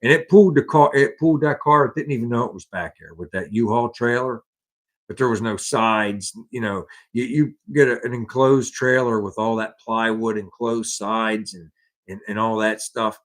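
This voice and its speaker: A man's voice: medium pitch, moderate pace. A man with an American accent hosting a casual live car-hobby chat, rambling and restarting his sentences. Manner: rambling, repeats words and restarts often. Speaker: podcast host.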